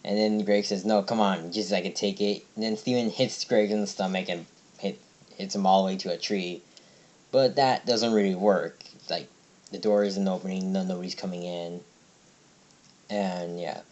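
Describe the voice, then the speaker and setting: A man's voice: low voice, steady tone, normal speed, darkish tone, lo-fi sound. A young man casually recapping and reviewing a cartoon episode, rambling with many fillers and restarts. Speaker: video reviewer.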